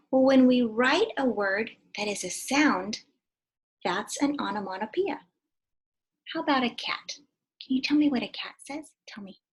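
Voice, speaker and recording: A woman teacher leads a read-aloud lesson for little children, lively and questioning. Her voice sits a little high and has a breathy, husky edge. She slips into whispers now and then. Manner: animated, asks children questions, drops to whispers.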